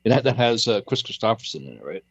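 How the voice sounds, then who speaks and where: A man's voice: lowish voice, sing-song, quick pace, vocal fry, dry recording, muffled recording. A man co-hosting a podcast in casual chat, stammering and repeating words, laughing often.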